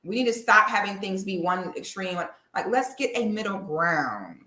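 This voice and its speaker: A woman's voice: mid-range voice, animated, normal speed, pushed and bright, roomy sound. A woman giving blunt, opinionated commentary in a sassy, preachy way. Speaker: commentary vlogger.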